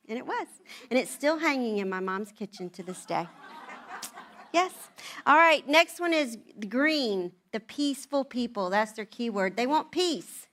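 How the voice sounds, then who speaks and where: An older grandmother speaks to a room of moms at an event, telling family stories and animatedly acting out the voices of her children and husband. Her voice is a little high, and she speaks at a moderate pace.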